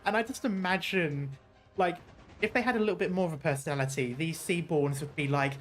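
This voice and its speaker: Chatting casually through a playthrough, a game streamer rambles, corrects themself, and swears now and then in this let's-play commentary. The voice is medium-pitched and brisk, with faint music behind.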